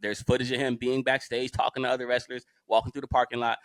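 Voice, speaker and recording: A man co-hosting a podcast, talking in a slangy, joking, animated casual chat. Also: mid-range voice, fast talker, no echo. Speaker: podcast co-host.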